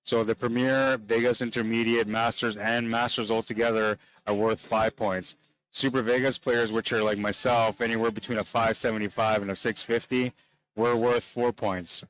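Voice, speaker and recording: A man's voice: mid-range voice, level tone, moderate pace, fairly bright tone, clear, resonant tone, poor audio. A man with a Canadian accent commentating a pool tournament on a live stream, chatty and enthusiastic in a loose, conversational way. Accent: Canadian English.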